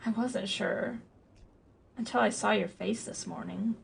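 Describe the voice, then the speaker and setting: Bitter widow on a ship, tearful outbursts, read by a woman, heavy vocal fry. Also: mid-range voice, a little slow, slight background noise. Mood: shaken. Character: grieving, hostile young widow on a ship.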